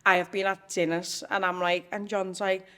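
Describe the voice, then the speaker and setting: A woman's voice: medium pitch, level tone, moderate pace, pushed and bright. Young woman, podcast host, chatty, rambling, casual. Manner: chatty, laughs easily, rambling asides. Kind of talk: casual conversation.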